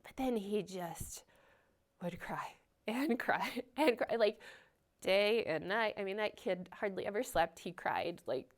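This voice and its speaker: A woman's voice: medium pitch, unhurried. A woman telling a personal testimony at church, earnest and emotional, with a chatty flow full of "like" and "you know.". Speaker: church member sharing testimony. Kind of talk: personal testimony, conversational storytelling.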